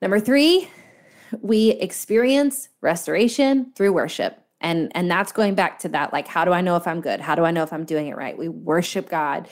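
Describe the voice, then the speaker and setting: A woman's voice: on the low side, moderate pace. Earnest woman guest, preachy podcast chat, says stuff twice for punch. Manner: earnest, preachy, emphatic repetition. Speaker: guest author. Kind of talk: faith-based podcast conversation.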